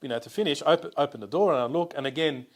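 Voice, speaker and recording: A man co-hosting a podcast, telling lively anecdotes with laughs in casual conversation. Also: a little high, very fast. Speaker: podcast co-host.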